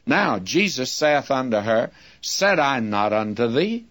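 Older preacher, folksy and plainspoken. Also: male voice, mid-range voice, expressive, moderate pace, a bit bright. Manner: folksy, conversational preaching with asides like "you see" and "friends". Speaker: radio Bible teacher. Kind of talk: expository radio sermon.

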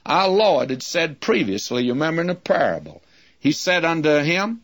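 A man's voice: fairly high pitch, very animated, normal speed, fairly bright tone. Man preaching an earnest sermon. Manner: earnest, emphatic preaching, addresses listeners as friends.

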